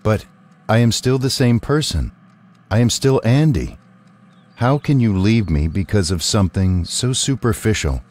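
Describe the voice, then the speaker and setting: A man's voice: fairly low pitch, expressive, measured pace, a little mellow. An actor playing a male robot with a new human-sounding voice, talking earnestly and in carefully worded sentences.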